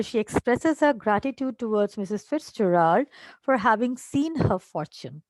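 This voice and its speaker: With a fairly high pitch, lively intonation and a slightly mellow quality, this woman talks at a normal speed in a dry, echo-free recording. As an English teacher, she reads out each line of a play and explains it to her class, at times in Hindi, using fillers and tag questions along the way.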